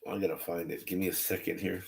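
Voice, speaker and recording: A man's voice: deep voice, fairly even intonation, quick pace, gravelly, darkish tone, a little hiss or hum. A man talking casually and candidly on a livestream about faith, rambling and restarting his phrases. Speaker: online religious streamer.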